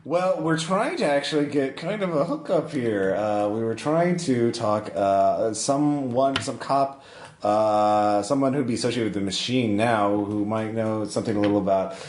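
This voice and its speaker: A man's voice: medium pitch, normal speed. A man playing a tabletop game, talking in character with plenty of uhs and restarts and a joking tone. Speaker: player. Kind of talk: in-character tabletop role-play. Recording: roomy, with clear background hiss.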